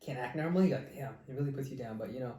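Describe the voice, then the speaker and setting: A man's voice: mid-range voice, very fast, dark tone, echoey room, poor audio. A young man hosting a podcast, talking in a laid-back, slangy casual way. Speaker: podcast host. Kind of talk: casual chat.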